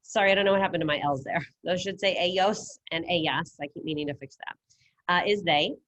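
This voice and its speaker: A woman's voice: on the low side, fairly quick, a bit bright, dull audio. A woman teaching a Spanish class over a video call, patient and encouraging as she explains step by step. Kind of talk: online class lesson. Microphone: computer mic on video call.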